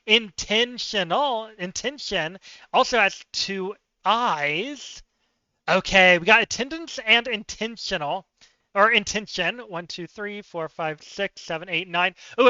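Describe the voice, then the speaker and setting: Bright, sharp-voiced man puzzling aloud. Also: high-pitched, lively intonation, unhurried, clean tone, no room sound, muffled recording. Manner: thinks aloud, chatty with viewers, self-mocking. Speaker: streamer. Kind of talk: live-stream word game commentary.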